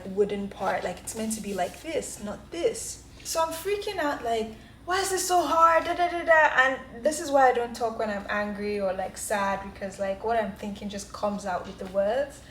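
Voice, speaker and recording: A woman's voice: mid-range voice, slight background noise. A young woman vlogging casually in her apartment, candid and self-reflective, often laughing as she talks into her camera. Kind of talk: casual vlog talk. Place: apartment, indoors. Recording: roomy indoor echo.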